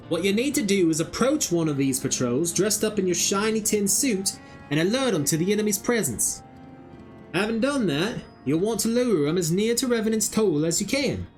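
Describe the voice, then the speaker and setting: A sly, rough-spoken rogue , as a man puts him on, drawling folksy talk with dropped endings. His pitch climbs above his usual and swings widely as he lays out his scheme. Faint game music plays underneath. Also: darkish tone. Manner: folksy dropped-g drawl, put-on rustic accent.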